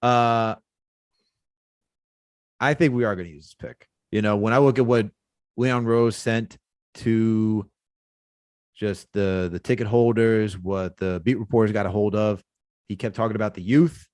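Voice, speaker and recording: A male podcast co-host, talking sports in a casual, animated, rambling way. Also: a little slow, pauses often, no room sound, clean studio sound. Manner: animated, rambling, jumps in pitch when excited.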